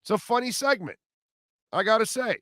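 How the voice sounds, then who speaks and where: A man's voice: high-pitched, expressive, a little fast, fairly bright tone, dry recording, studio quality. A man hosting a sports radio show, rambling and joking loosely about old movies. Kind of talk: casual sports talk.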